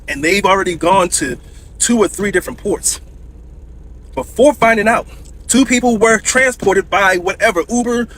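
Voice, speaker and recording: A man's voice: sits high, a bit bright, a little hiss or hum, rough recording. A man giving viewers a casual, urgent warning and repeating his points. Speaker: social media commentator.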